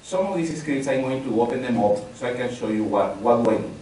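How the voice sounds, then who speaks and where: A man runs a live technical training session as an instructor, speaking conversationally, repeating key phrases, and polling the audience. His mid-range voice is darkish in tone, fast, and lively in intonation. He's recorded from far off in a very echoey room with faint noise.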